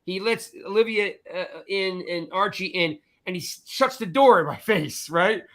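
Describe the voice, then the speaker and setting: Bright, high-voiced animated male storyteller. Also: moderate pace. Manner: animated storyteller, acts out voices, repeats "I'm like" and "right?". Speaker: podcast co-host. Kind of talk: casual storytelling chat.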